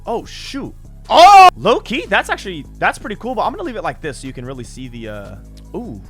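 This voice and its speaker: A young man giving excited gameplay commentary as a gaming creator, blurting loud exclamations. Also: fairly high pitch, fast. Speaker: gaming YouTuber. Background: game music.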